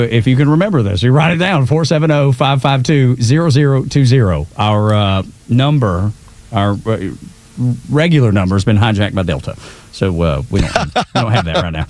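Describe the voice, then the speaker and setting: A chatty man with a drawl, talking loosely on morning radio. He rambles with plenty of fillers and easy laughs, at a middling pitch. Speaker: radio co-host. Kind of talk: casual morning radio talk.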